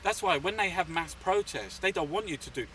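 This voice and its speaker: A man's voice: high-pitched, expressive, brisk, bright, forceful tone, recorded from a distance, slight background noise. Rambling, swearing man from England. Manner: rambling, swearing, full of fillers. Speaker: artist and activist guest. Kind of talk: casual storytelling interview.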